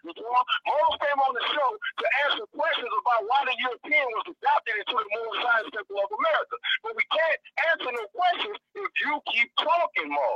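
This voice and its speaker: A man's voice: very high voice, lively intonation, brisk, few pauses, bright, forceful tone, dull audio. A man, a guest in a heated religious debate, speaking in an insistent, lecturing way.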